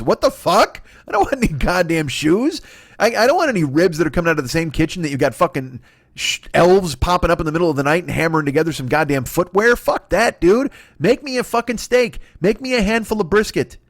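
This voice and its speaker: A man's voice: high-pitched, animated, a little fast, no room sound, studio quality. A man doing a solo comedy podcast rant, profane and exasperated. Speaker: comedian host.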